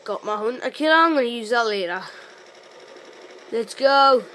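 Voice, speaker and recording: A woman talks over her own gameplay with a high, bright, sharp voice, speaking slowly between sudden loud outbursts. A faint hiss sits under her voice, recorded on a phone. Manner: excitable, bursts into loud exclamations. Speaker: gameplay commentator. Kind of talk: live gameplay commentary.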